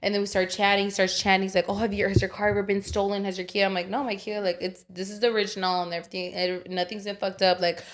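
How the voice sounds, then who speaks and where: A young woman co-hosting a podcast, telling a story in casual chat, animated and swearing, acting out the voices of other people. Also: medium pitch, fast, hardly any pauses. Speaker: podcast co-host.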